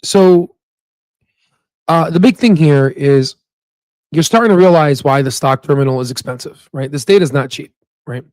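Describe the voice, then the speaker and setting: Young adult male stock host, chatty and excitable, dry recording. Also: on the high side, normal speed, long pauses, no room sound. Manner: chatty, excitable, rambling with many fillers. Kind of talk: casual livestream commentary.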